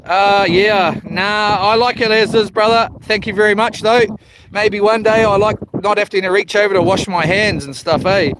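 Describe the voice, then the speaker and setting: A man's voice: high-pitched, steady tone, moderate pace. A New man live streaming from a small houseboat, chatting in a laid-back, rambling way, greeting viewers by name and swearing casually. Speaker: livestreaming fisherman. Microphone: phone. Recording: noisy outdoor phone live stream.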